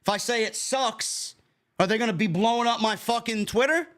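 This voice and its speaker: A man co-hosting a wrestling podcast goes on a heated, indignant rant full of profane rhetorical questions. His voice sits high with a fairly bright tone, at normal speed.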